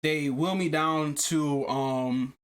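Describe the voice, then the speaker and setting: A man hosting a podcast, telling a long personal story in casual chat, animated and profane, often repeating himself. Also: a little high, slow, clean tone. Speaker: podcast host.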